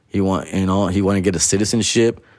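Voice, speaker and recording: A man's voice: deep voice, fairly even intonation, fast, darkish tone, no echo, clean studio sound. A young man telling a profane, casual story, mixing Spanish and slang.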